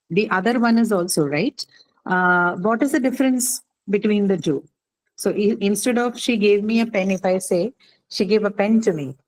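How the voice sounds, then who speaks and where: A woman's voice: mid-range voice, darkish tone, poor audio. A woman teaching an English grammar class, explaining patiently and often asking "right?" to check understanding.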